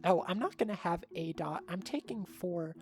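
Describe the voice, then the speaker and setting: A woman's voice: on the low side, normal speed, darkish tone, soft background music. A young woman streaming live, chatting casually with her viewers in a bubbly way and laughing often.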